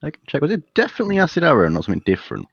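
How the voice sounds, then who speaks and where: A man running a tabletop game as game master, giving rulings in a relaxed, conversational way. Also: a little high, racing, vocal fry, husky, lo-fi sound.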